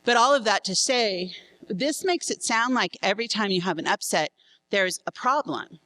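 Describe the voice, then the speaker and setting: A middle-aged woman giving a candid talk to married couples, frank and quick to laugh at herself. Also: mid-range voice, animated, sharp tone, low-quality recording. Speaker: seminar speaker.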